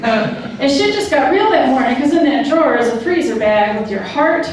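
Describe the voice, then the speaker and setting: A woman's voice: high-pitched, lively intonation, moderate pace. A woman performing a stand-up routine, telling a casual, profane, slangy story and doing voices for the characters. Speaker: stand-up comedian. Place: comedy club stage. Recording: echoey club from far off with crowd laughter. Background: audience laughing.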